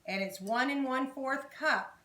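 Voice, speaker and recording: A woman's voice: sits high, unhurried, pushed and bright. A woman hosting a home cooking video, chatting casually to her viewers as she walks them through a recipe. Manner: chatty, talks straight to viewers as "guys" and "y'all". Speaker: home cooking channel host. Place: home kitchen. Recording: roomy echoey kitchen.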